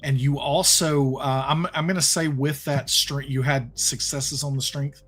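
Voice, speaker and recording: A man's voice: medium pitch, steady tone, a little slow, a bit bright, husky. A man with a Southern US accent narrating as game master, often hesitant, with many ums and restarts.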